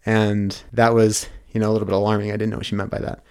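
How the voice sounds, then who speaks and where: A man's voice: lowish voice, little pitch movement, fast talker, darkish tone, clear, resonant tone. A man in his thirties, a podcast host taking the guest seat, telling his story in an earnest, casual way with frequent restarts.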